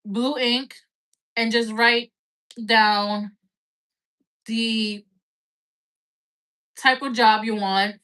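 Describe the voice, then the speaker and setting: A woman's voice: fairly high pitch, steady tone, extremely slow, long pauses, pushed and bright. A woman giving a casual live-stream tarot reading, chatty and loose, peppering her talk with "like" and "right?" and the odd swear word. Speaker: tarot reader.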